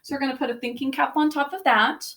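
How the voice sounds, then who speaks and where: A woman teaching a spelling lesson, sounding out words letter by letter in a slow, patient way. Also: high voice, steady tone, fairly bright tone.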